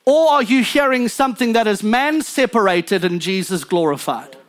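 A man preaching a sermon from the pulpit as pastor, fervent and emphatic, building intensity then dropping low. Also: expressive, normal speed.

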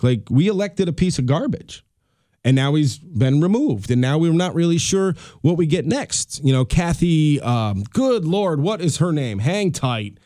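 A man's voice: a little high, animated, unhurried, mellow, no room sound, studio quality. A middle-aged man hosting his own podcast, talking in a rambling, chatty, self-deprecating way. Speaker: podcast host. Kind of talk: casual solo podcast monologue.

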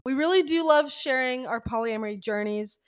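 A young woman co-hosting a casual podcast, playful and quick to laugh. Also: high-pitched, clean tone. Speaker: podcast co-host.

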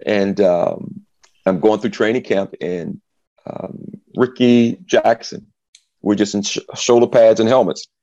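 A man's voice: fairly low pitch, slow pace, no room sound, highs cut off. A middle-aged man, a former football player, tells his story in an interview and acts out the voices of the people in it. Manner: animated storyteller, acts out quotes.

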